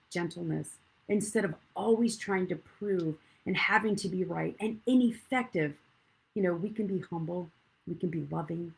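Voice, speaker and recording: Husky woman preaching a candid story. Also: on the low side, rough recording. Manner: candid, storytelling, swings from hushed to loud. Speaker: pastor. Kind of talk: sermon with personal story. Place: church stage, live.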